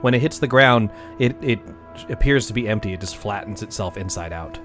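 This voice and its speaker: A man narrating as game master of a tabletop game, lively and full of fillers and chuckles. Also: on the low side, brisk, soft background music.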